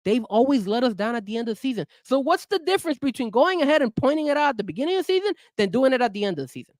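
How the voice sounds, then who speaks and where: A man hosting an online sports talk show, ranting with rising heat and the odd curse. His pitch swings up and down as he gets worked up. The sound is dry and close, with no room around it. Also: rapid-fire, no room sound. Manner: heated, cursing, lively swings in pitch. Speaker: show host. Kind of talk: casual sports podcast talk.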